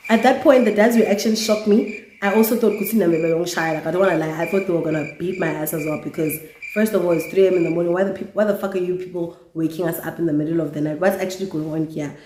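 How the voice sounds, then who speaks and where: A young woman from South Africa with a South African accent, telling a storytime vlog in a lively, candid way with swearing. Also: lowish voice, quick pace, a little hiss or hum. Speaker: YouTuber. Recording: roomy echo.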